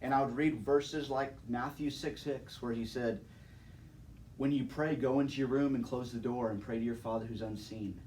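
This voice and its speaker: A man's voice: mid-range voice, steady tone, moderate pace, darkish tone. Laid-back young man speaking from a distance. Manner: laid-back, chatty, laughs often, says "man" and "dude". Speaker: speaker giving a testimony. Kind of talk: casual personal testimony. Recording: distant mic with faint background noise.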